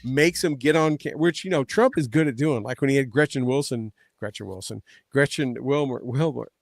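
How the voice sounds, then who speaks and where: A man's voice: mid-range voice, moderate pace, gravelly, dry recording. A man in casual political chat who rambles, restarts often, and retells scenes in quoted voices. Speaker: panelist.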